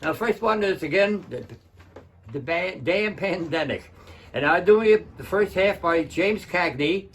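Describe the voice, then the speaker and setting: Casting: older husky-voiced impressionist, fairly high for a man, rambling patter on a webcam. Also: animated, unhurried, fairly bright tone. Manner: rambling, chatty, self-interrupting. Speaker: open mic comedian and impressionist. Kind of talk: open mic patter. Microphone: home webcam.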